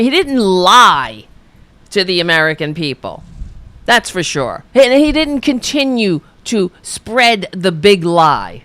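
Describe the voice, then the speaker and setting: A woman's voice: medium pitch, big pitch swings, slow, a bit bright, no echo. A woman hosting a political podcast, ranting angrily and profanely at a played clip with sarcasm. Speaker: podcast host. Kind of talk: angry political commentary.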